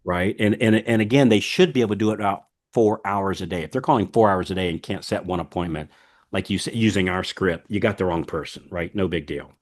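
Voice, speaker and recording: Male podcast host, lowish voice, folksy and rambling, lots of fillers. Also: brisk. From United States. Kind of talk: casual podcast chat.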